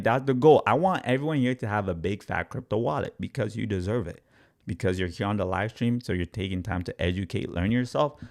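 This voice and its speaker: Man, young adult, lowish pitch, gravelly fry, casual live-stream commentary, energetic, repetitive. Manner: energetic, repeats himself, talks straight to viewers. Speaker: crypto trading streamer.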